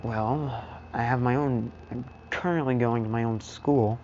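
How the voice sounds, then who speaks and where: A man's voice: medium pitch, steady tone, a little slow, a little mellow, highs cut off, slight background noise, lightly acted. A man voicing a cool, unbothered young male mercenary in a laid-back, matter-of-fact way. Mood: deadpan.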